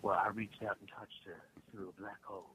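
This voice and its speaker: A laid-back, drawling movie-star voice, which a male caller puts on for laughs. It runs a little low for a man, with a Southern lilt, and lurches from hushed near-whispers to sudden loud lines. Phoned in to a podcast. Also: level tone, fairly quick, husky, no room sound, heavily acted, poor audio. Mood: joking. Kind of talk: comedic celebrity impression. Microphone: phone call into podcast.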